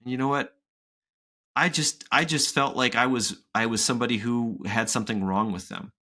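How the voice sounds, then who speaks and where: Man, 30s, podcast co-host, casual chat, animated storytelling, bright voice. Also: mid-range voice, moderate pace. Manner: animated storytelling with acted-out quotes.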